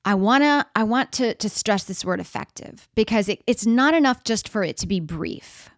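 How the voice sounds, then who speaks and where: A woman's voice: mid-range voice, animated, normal speed, no echo, clean studio sound. A middle-aged woman giving a motivational talk in a conversational way, acting out everyday scenes and putting questions to the audience. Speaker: speaker.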